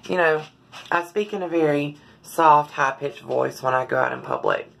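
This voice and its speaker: A woman talking in a personal vlog, slightly hoarse, halting with many fillers and frequent throat clearing. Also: deep voice, a bit bright. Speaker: vlogger.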